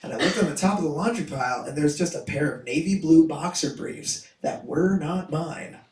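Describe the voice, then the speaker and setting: A young man works through a stand-up set, self-deprecating and chuckling at his own lines. His voice sits a little high and reaches the mic from a distance. The small club around him sounds echoey and roomy. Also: lively intonation, moderate pace, a little mellow. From Boston. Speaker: stand-up comedian. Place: small comedy club stage. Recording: echoey club, far mic, some noise.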